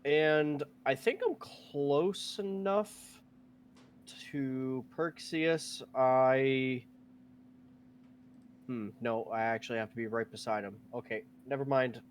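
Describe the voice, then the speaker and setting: A man playing a tabletop game, slowly second-guessing his move. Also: mid-range voice, slight background noise. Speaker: player.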